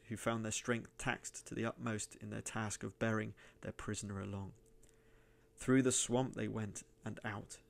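Gravelly man reading a dark tale. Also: on the low side. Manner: measured, rising to loud declaiming. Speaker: reader and gaming channel host. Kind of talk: dramatic story reading.

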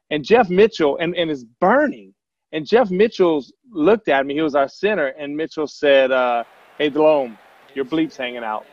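A man, a former quarterback, telling a long story in a relaxed, rambling way with plenty of fillers. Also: fairly high pitch, no room sound. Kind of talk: casual anecdote telling. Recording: dull lo-fi, dry sound.

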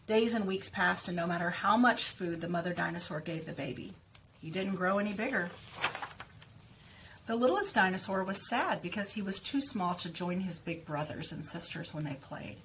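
Slow, clear-speaking woman teacher. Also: on the low side, lively intonation, fairly bright tone, slight background noise. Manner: slow, clearly stressed repetition of target words. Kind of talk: reading a picture book aloud with word practice.

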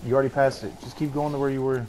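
A man's voice: mid-range voice, flat delivery, very fast, crowd noise. A young man teasing his friend and swearing casually during a co-op video game. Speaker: gamer. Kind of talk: casual gaming banter. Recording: noisy game audio behind.

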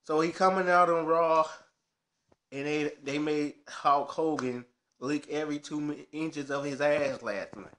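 A man's voice: on the high side, steady tone, measured pace, a bit bright. A man ranting casually to camera with frustration, swearing heatedly about wrestling. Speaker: wrestling fan vlogger. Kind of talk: casual rant.

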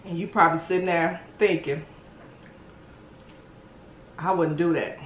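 A woman's voice: lowish voice, fairly even intonation, unhurried, echoey room, dull audio, a little hiss or hum. A woman chatting casually to her viewers while eating noodles, humming between bites, playful and teasing. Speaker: vlogger eating on camera. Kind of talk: casual mukbang chat.

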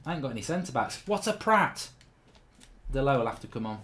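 This gameplay channel host talks in a brisk, sing-song way while commentating live. Exasperated, he swears heavily and alternates between quiet mutters and loud shouts.

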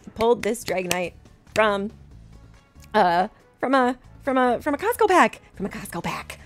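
A woman in her thirties chatting excitedly as she opens graded trading cards, gasping and repeating herself. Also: on the high side, measured pace, long pauses, soft background music. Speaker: card collecting vlogger. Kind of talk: excited unboxing chat.

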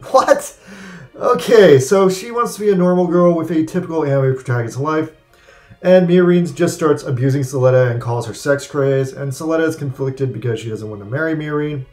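A man hosting a comedic anime review, rambling and jokey in an excitable way. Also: fairly high pitch, brisk. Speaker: anime reviewer and channel host. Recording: echoey room with faint music.

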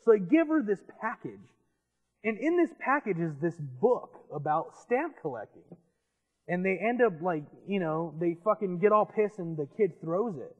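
Man, young adult, high voice, rambling, profane, casual podcast talk, echoey reverb. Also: sing-song, normal speed. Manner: rambling, profane, laughing storyteller. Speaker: podcast host. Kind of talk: casual chat, retelling a movie. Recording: muffled, long reverb, faint music behind.

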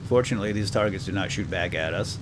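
A low-pitched, fast-talking gaming host runs a let's play, chatting self-deprecatingly and casually to his audience. Every so often he shouts loud mock-commanding calls at his game crew, and there's a slight hiss or hum.

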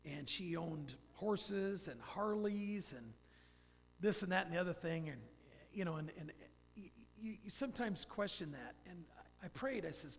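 A man's voice: high-pitched, expressive, unhurried, vocal fry. A man in his fifties giving a folksy, rambling personal testimony in church. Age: 50s. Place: church sanctuary. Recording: long church hall reverb.

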